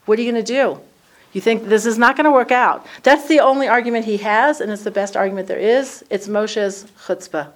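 A woman's voice: a little high, fairly quick. A woman teaching a conversational Bible study class to a group, acting out the dialogue in the text as she explains it. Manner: lively, acts out the dialogue in the text.

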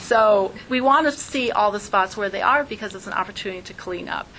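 A woman teaching an informal class who talks in a lively way and acts out voices when she quotes people. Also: mid-range voice, a little fast, a little hiss or hum, rough recording.

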